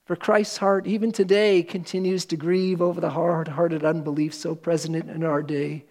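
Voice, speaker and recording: A pastor preaching a sermon to a church congregation, earnest and emphatic, with slow, weighty pauses. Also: male voice, fairly high pitch, flat delivery, darkish tone.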